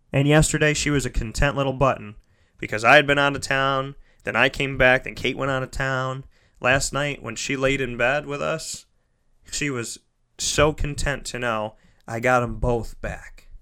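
In a medium-pitched voice, a man delivers a heartfelt motivational monologue. He repeats phrases for emphasis, swinging between loud, driving lines and soft ones that are nearly whispered.

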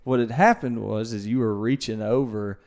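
A man's voice: lowish voice, fairly even intonation, moderate pace, darkish tone. A young man, hosting a podcast and telling a hunting story in a rambling, self-correcting way. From Mississippi, USA. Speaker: podcast host. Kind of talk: casual storytelling.

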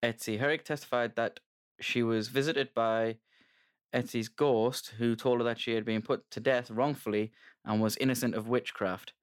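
A man co-hosting a casual chat, reading out history in an even, steady manner. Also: medium pitch, normal speed, clean tone. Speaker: podcast co-host.

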